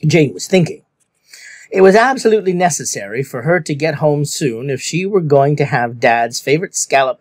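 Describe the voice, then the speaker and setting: A man narrating a children's novel aloud with lively, expressive storytelling. His voice sits a bit high and swings widely in pitch, recorded close and dry. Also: no room sound. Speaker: audiobook reader. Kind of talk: scripted narration.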